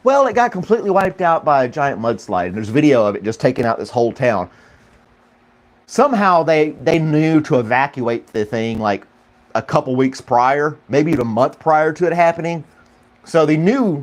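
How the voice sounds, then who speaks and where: A man's voice: fairly high pitch, lively intonation, moderate pace. Give me a rambling podcast host, a man chatting casually from home with a light chuckle. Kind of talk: casual live-stream chat.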